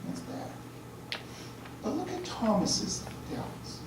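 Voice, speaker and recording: A man's voice: sits high, huge pitch swings, drawn-out words. A priest giving a chatty lecture, often checking in with his listeners. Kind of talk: conversational lecture. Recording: very echoey room, distant mic, faint hiss.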